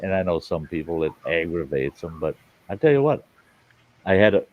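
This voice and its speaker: A man's voice: low voice, big pitch swings, moderate pace, phone-quality sound. A middle-aged man hosting a live stream, telling stories in a blunt, folksy way and swearing freely. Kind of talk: casual storytelling chat. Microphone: live stream mic.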